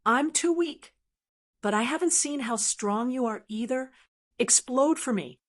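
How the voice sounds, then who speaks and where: A cocky young male cultivator, voiced by a woman narrator, taunts his enemies in a fantasy audiobook. He sounds smug and sure of himself, with a mid-pitched voice. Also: lively intonation, normal speed, close to an everyday voice. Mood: taunting.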